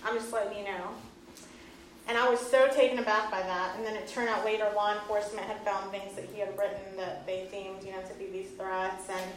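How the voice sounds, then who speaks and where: A woman's voice: medium pitch, level tone, fairly quick. A woman in her thirties, earnest and often laughing, telling a personal story to an audience. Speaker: speaker giving a talk. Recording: echoey hall from far off.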